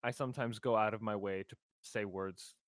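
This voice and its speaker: A young man co-hosting a podcast, talking in a low-key, teasing, casual way. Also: steady tone, moderate pace, no room sound, studio quality. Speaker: podcast co-host. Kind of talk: casual chat.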